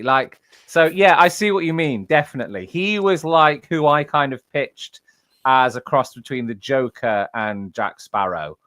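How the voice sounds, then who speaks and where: A man from England talks through his narration work in a loose, rambling way, full of fillers and self-corrections. His voice sits at an ordinary mid pitch. The sound is dry and close, with no room echo. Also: animated, a little slow, a bit bright. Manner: rambling, many fillers and restarts. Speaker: audiobook narrator. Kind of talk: casual chat.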